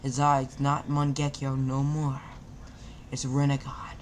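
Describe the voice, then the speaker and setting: A man's voice: mid-range voice, completely flat delivery, slow, a little hiss or hum. A man casually narrating a fan-made anime story, stumbling and repeating words as he goes.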